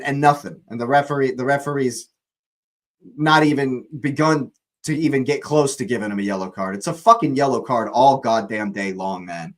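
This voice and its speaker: A man's voice: mid-range voice, normal speed, poor audio. A young man hosting a live football watch-along, ranting angrily at the referee, swearing and repeating himself.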